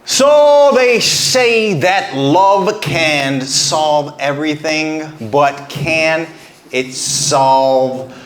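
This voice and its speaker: A fairly high-pitched male comedian speaks very slowly with lively intonation, wandering through absurd jokes and stammering restarts on a handheld mic. He's on a small club stage before a live audience, and the sound is roomy.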